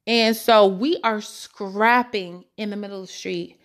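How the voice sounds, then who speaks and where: A woman's voice: mid-range voice, steady tone, unhurried. A young woman in her twenties tells a personal story straight to the camera, talking in a candid, emotional way full of slang. She takes her time over each thought. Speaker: vlogger.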